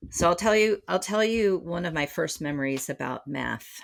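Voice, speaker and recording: A woman's voice: lowish voice, expressive, normal speed, gravelly. A middle-aged woman speaking as a psychotherapist guest on a podcast, reflective and full of fillers and restarts. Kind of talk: conversational podcast interview.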